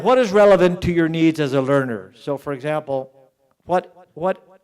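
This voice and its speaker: A middle-aged man giving a conference keynote, emphatic, slowing down and repeating words to stress his points. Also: medium pitch, darkish tone. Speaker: keynote speaker at an education summit. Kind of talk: conference speech.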